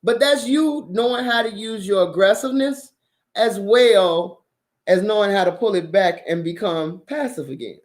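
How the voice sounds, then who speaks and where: A woman's voice: medium pitch, normal speed. Blunt, profane woman giving dating advice. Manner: blunt, profane and animated, laughs often. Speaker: host. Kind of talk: casual dating-advice talk to viewers.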